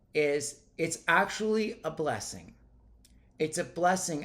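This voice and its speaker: A man in his thirties, a life coach talking to camera in a blunt, emphatic way and swearing freely. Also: medium pitch. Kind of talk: casual monologue to camera.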